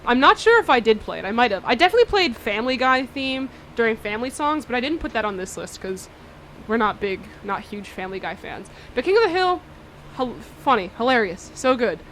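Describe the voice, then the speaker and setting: A woman's voice: fairly high pitch, very animated, brisk, fairly bright tone, a little hiss or hum. A young woman hosting a casual college radio show, chatty and bubbly, laughing often.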